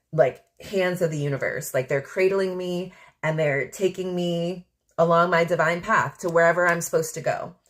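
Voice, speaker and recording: Woman, podcast host, lowish voice, rambling, candid, lots of fillers, solo monologue. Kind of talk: casual reflective monologue.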